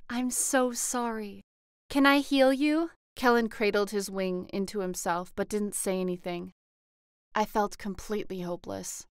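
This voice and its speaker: A woman narrating a first-person audiobook with a close studio mic, acting out the dialogue by shifting her pitch and loudness. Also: clean tone, no room sound.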